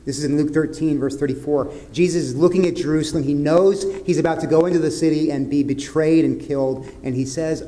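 A man preaching a sermon as pastor, in an earnest way that drops to soft, grave tones. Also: fairly high pitch, fairly even intonation, a little fast, few pauses, slight background noise.

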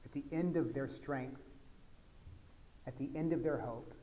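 A man from Texas, a pastor, preaching a conversational sermon that swings from quiet asides to loud, emphatic peaks. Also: mid-range voice, measured pace, slight background noise.

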